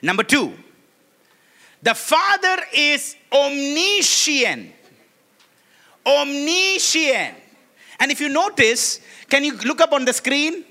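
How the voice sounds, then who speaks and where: A man's voice: extremely high pitch, bright, forceful tone. A man preaching a sermon to a congregation in a church, leading call-and-response and laughing often.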